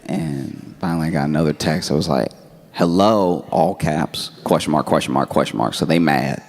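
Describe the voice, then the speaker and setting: A man telling a stand-up story on a comedy club stage, laid-back and deadpan, acting out text messages. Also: a bass voice, a little fast, creaky. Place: comedy club stage before a laughing audience.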